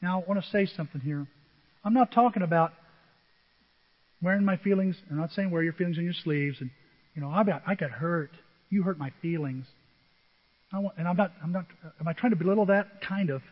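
An older man preaching a sermon as pastor, telling self-deprecating stories with dramatic swings from soft to loud. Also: high voice, fairly quick, long pauses. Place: church sanctuary. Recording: muffled audio with long hall reverb.

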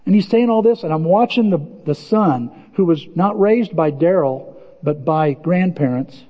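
A male pastor preaching a sermon in a lively, animated way, acting out quoted voices. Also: normal speed, big-room sound, dull audio. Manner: animated, acts out quoted voices with big pitch jumps.

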